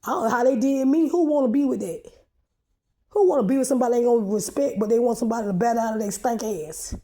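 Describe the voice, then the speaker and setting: A woman delivers a rambling monologue to her own camera, agitated and confrontational, swearing freely. Her voice sits a little high for a woman yet sounds dark and mellow. She stumbles, restarts and repeats words as she pushes on. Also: fast. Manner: agitated, profane, confrontational ranting. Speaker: vlogger posting a video.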